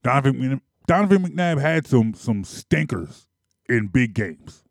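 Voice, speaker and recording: A man's voice: mid-range voice, big pitch swings, a little slow, gravelly, no room sound, studio quality. Emphatic man ranting about sports. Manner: emphatic, repetitive, argumentative. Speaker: sports commentator. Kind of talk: opinionated sports monologue.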